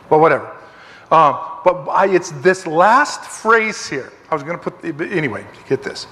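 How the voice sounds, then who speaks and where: A man with a notably high voice leads a casual Bible study, driving points home by repeating them and wandering off on tangents. His voice rings with the long reverb of a large hall. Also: fast, pushed and bright. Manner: emphatic, digressive, repeats phrases for stress. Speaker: Bible teacher.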